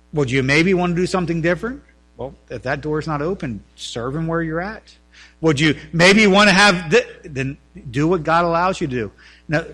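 A man preaching a sermon as pastor in a church, swinging between loud emphatic runs and quiet earnest talk. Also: fairly high pitch.

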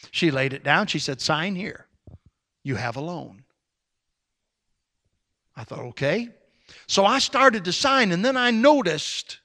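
Bright, high-voiced folksy preacher. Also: male voice. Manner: animated, folksy storytelling with sudden loud swells. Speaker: pastor. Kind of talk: storytelling sermon.

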